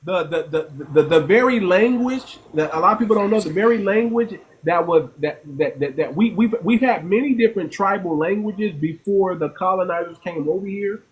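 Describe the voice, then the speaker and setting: A man's voice: high voice, moderate pace, few pauses, a little hiss or hum, rough recording. A man in casual discussion, speaking in a preachy, insistent way and repeating phrases.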